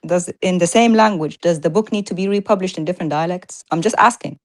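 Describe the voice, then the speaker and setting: A woman co-hosting a live-streamed talk show, arguing emphatically in casual chat with rapid-fire rhetorical questions. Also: fairly low pitch, darkish tone, dry recording.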